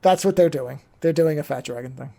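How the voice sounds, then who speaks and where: A podcast host who talks at length in a middle-pitched voice. They ramble, lose a word, then circle back to it. It is casual chat on a close mic. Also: brisk, vocal fry, mellow. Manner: rambling, explains at length, loses words mid-thought.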